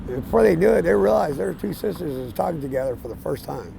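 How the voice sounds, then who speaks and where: A man of around 60 telling his life story outdoors on a city street, plain-spoken and casual, with fillers and soft chuckles. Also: on the high side, animated, fast talker, vocal fry, noisy background. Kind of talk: candid storytelling.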